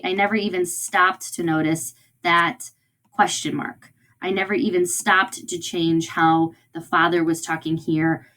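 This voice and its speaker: A woman's voice: lowish voice, a bit bright. A woman teacher giving a recorded read-aloud lesson to young children in an encouraging way, often checking in with them.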